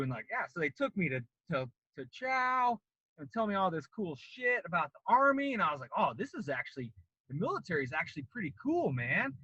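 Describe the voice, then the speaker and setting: A man's voice: on the high side, fairly quick, husky, no echo, highs cut off. A man in his late thirties from Colorado, a former Marine, casually telling a long story on a podcast and acting out the voices of the people in it. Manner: animated, acts out quoted voices.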